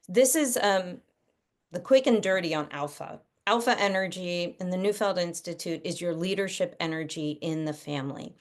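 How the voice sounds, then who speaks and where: A middle-aged woman talks through parenting ideas over a video call. She speaks casually and with plenty of life, and she often drops into quick impressions of children and parents as she explains. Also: fairly low pitch. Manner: animated, acts out kids' and parents' voices. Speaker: guest parenting expert.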